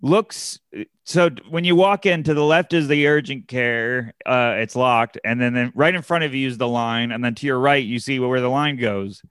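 A man's voice: mid-range voice, normal speed, fairly bright tone, clean tone, no echo, clean studio sound. A man casually telling a long anecdote, with many fillers and restarts. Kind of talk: casual chat, storytelling.

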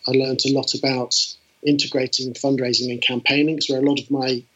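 British man, middle-aged, husky voice, animated interview guest, slightly dull recording. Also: mid-range voice, a little fast. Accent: British English. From England. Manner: animated, enthusiastic, frequent fillers. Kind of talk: conversational storytelling. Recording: dull lo-fi sound.

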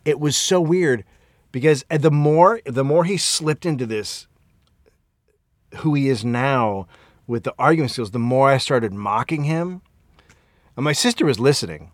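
A man co-hosting a podcast, telling stories in profane, animated casual chat. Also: medium pitch, unhurried, pauses often, dry recording, clean studio sound. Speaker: podcast co-host.

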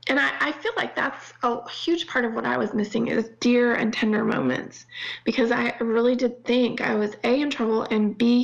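A middle-aged woman talking earnestly about faith in a halting way, often restarting her sentences. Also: fairly high pitch, vocal fry, highs cut off. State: near tears at times. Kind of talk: faith-based conversation.

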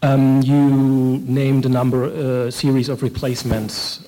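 A man in the audience asking a long question after a lecture, halting and hedging as he goes. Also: mid-range voice, flat delivery, dark tone, poor audio. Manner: halting, many fillers and restarts. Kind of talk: hesitant question from the floor.

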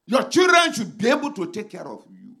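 A man preaching a sermon as a pastor, swinging dramatically between shouted lines and hushed ones. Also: extremely high pitch, very animated, a little fast, vocal fry.

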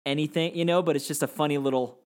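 A man's voice: on the high side, steady tone, quick pace, smooth. A man co-hosting a casual movie podcast, joking playfully and tossing out mock character voices. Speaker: podcast co-host.

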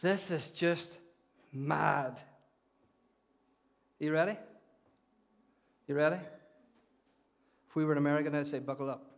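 A man with a Northern Irish accent preaching a conversational, animated sermon in a church, often repeating his phrases. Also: on the high side, slow, vocal fry, pauses often. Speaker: pastor.

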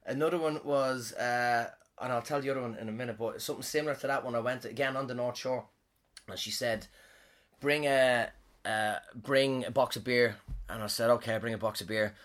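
A man's voice: medium pitch, fairly even intonation, quick pace, fairly bright tone. A man who performs comedy, telling a rambling story in a casual way. He swears a lot and often trails off and restarts. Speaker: comedian and podcast host.

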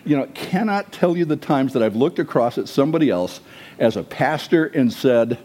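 A man preaching a sermon as pastor, conversational and animated, asking his listeners questions and dropping to hushed asides. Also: mid-range voice, normal speed. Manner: animated, swings between loud and hushed; conversational, asks the congregation questions.

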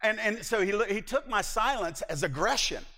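A middle-aged man preaching a sermon as pastor, telling stories in an animated way with laughs and acted-out asides. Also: high voice, normal speed, a little hiss or hum. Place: church sanctuary. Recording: hall reverb from a church.

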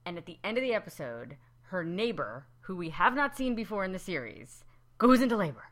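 A woman in her thirties co-hosting a casual podcast chat, animated and quick to act out what others said. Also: fairly low pitch. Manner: animated, acts out quotes in raised voices. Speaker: podcast co-host.

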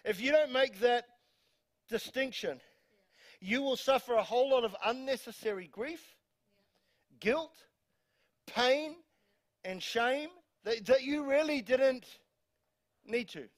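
Emphatic high-voiced New Zealand pastor. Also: male voice, slow pace, pauses often. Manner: emphatic, repeats words, reads scripture aloud, jokes with congregation. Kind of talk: sermon. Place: church hall.

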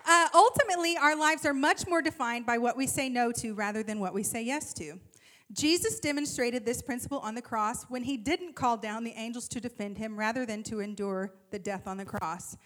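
A woman in her thirties giving an animated, self-deprecating talk to a church group, telling a personal story with humor. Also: fairly high pitch, a little fast. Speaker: speaker at a church gathering.

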